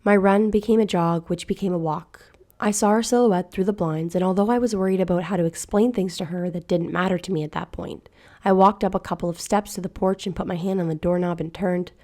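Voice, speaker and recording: A woman narrating a scary internet story in a hushed, slow, measured way. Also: fairly low pitch, steady tone. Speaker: narrator reading a horror story. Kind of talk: scripted horror narration.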